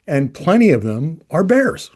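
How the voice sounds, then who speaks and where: A man's voice: a little high, sing-song, unhurried, a little mellow. A man giving conversational, emphatic energy commentary, often restarting his sentences. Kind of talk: opinion commentary to camera.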